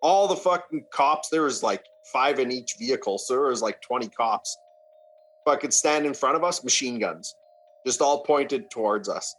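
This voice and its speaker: A young man from Canada telling a wild story in casual podcast chat, swearing freely and acting out the shouting. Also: mid-range voice, normal speed, soft background music. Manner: animated, swearing, acts out shouts.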